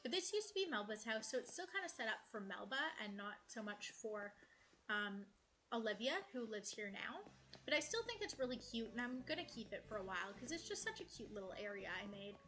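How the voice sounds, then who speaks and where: Bright, chatty young woman streamer. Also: a little high, very animated, brisk. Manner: chatty and affectionate, cooing at characters. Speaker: gaming streamer. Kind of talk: casual game tour vlog. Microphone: headset. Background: soft game music.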